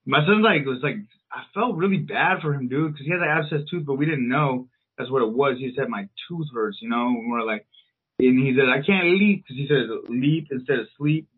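On a podcast, a co-host in his thirties spins a long, loose tale packed with profanity and fillers. His medium-pitched voice is brisk with a breathy edge. The recording has a thin, phone-like quality.

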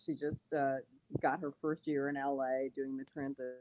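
A woman from Los Angeles, a guest in a casual chat, talking in a lively, chatty way and laughing often. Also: rumbling low, normal speed, slight background noise. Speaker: podcast guest, artist.

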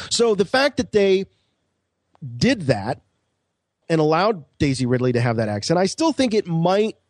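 A man co-hosting a podcast, mid-pitched and speaking thoughtfully. He rambles through ideas with frequent fillers, and his voice sounds dry and close to the mic. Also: a little mellow, no echo. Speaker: podcast co-host. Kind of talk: casual podcast chat.

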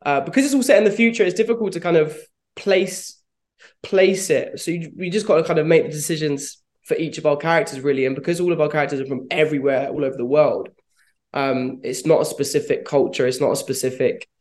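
A man's voice: fairly high pitch, steady tone, fairly quick, a little mellow. A man, an actor answering interview questions in a reflective, rambling way, with frequent laughs. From London, England. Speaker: actor guest.

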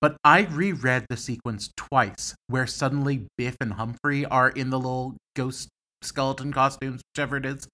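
A man's voice: mid-range voice, steady tone, moderate pace, sharp tone. A man in casual podcast chat, talking hesitantly and often breaking off mid-phrase. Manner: hesitant, self-interrupting.

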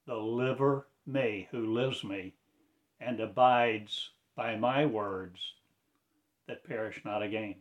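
A man's voice: on the low side, fairly even intonation, slow. A man delivering a fragmented, incantatory spoken-word monologue with preacher-like phrasing.

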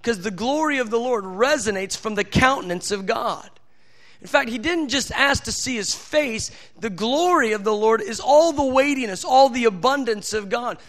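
A man's voice: very high voice, bright, forceful tone. A man preaching a sermon with fervent delivery that builds to emphatic outbursts.

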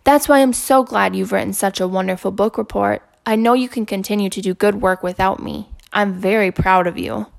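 A woman voicing a gentle, patient female school counselor who speaks softly and reassuringly. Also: medium pitch, fairly even intonation, brisk, gravelly, hardly any pauses, close to an everyday voice. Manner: soft, reassuring.

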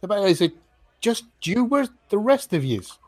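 A man plays a chatty male bard, pitched well above his own voice. He is eager and quick with his questions. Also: big pitch swings, darkish tone. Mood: surprised.

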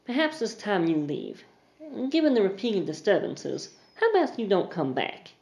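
A game master voicing a composed, steely woman who runs a saloon and speaks softly and politely. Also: mid-range voice, very animated, moderate pace, gravelly, roomy sound, voice pushed up. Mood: cool. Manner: sweetly controlled, soft-spoken.

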